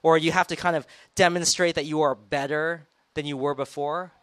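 A man's voice: a little high, steady tone, normal speed, a bit bright, no echo. A man preaching a sermon in a conversational way, retelling scripture and acting out quoted lines with rising emphasis.

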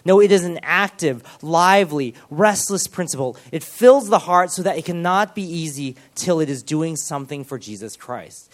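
Earnest, animated male preacher. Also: on the high side. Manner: earnest and animated, with quick bursts and restarts. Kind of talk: sermon.

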